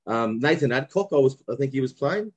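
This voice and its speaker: A man's voice: mid-range voice, animated, fairly quick. A man from Brisbane with an Australian accent, reminiscing about his cricket days in a casual interview, rambling with many restarts. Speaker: guest, former cricketer.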